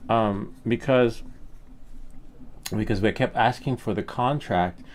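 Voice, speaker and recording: A man's voice: on the low side, takes it slowly, slight background noise. A middle-aged man hosting a hobby painting channel, telling a rambling, candid story in a casual way with the odd curse word. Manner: rambling, candid, occasional swearing.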